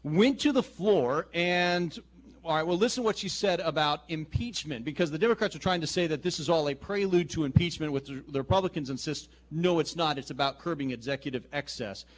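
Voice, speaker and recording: Radio co-host guy, pretty high voice, pointed and argumentative. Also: brisk, slight background noise. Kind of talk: political talk radio. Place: radio studio.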